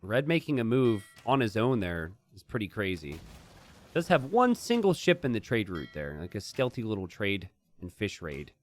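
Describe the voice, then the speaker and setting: A man casting a strategy game, chatty and jokey, bursting into excited shouts and laughter. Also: fairly low pitch, moderate pace, faint music behind. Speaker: game caster. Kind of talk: live strategy game commentary.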